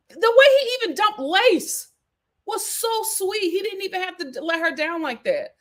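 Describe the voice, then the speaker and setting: A woman hosting a live reality TV recap, chatting in an animated, gossipy way. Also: very high-pitched, normal speed. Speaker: host.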